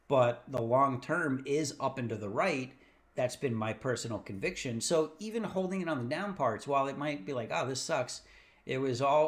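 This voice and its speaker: A man in the middle of an easygoing livestream, chatting about his week with real excitement. He rambles and restarts sentences as his thoughts run ahead of him. His voice sits at an ordinary middle pitch. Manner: enthusiastic, rambling, stumbles over words. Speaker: host of a stock trading show. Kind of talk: casual livestream commentary.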